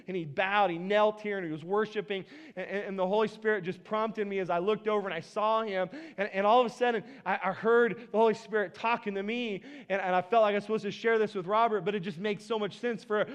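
High-voiced male pastor preaching. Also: clear, resonant tone. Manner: conversational, frequent restarts and repeated words. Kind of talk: sermon. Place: church sanctuary. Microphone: worn microphone.

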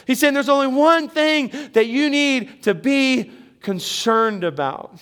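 A man's voice: extremely high pitch, expressive, takes it slowly, fairly bright tone, smooth. A middle-aged man preaching a sermon as pastor, earnest and emphatic, with rising bursts of emphasis.

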